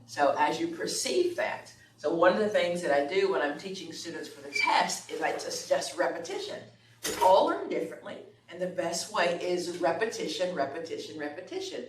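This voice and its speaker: A middle-aged woman instructor lectures a class in a lowish, lively voice at a moderate pace, keeping it conversational and often checking in with "okay?" and "right?". She sounds far from the mic in an echoey room with faint room noise.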